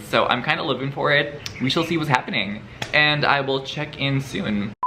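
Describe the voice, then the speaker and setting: A man chatting casually in a reading vlog, animated and profane, with campy humor. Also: medium pitch, slight background noise. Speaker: book vlogger. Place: indoors at home, later outdoors.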